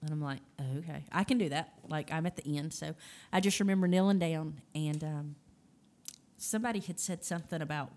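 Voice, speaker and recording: A woman telling her testimony as a podcast guest, her voice sitting a little low for a woman. She speaks casually and with animation, slipping into the voices of people she quotes. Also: a little fast, a little mellow. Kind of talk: casual storytelling.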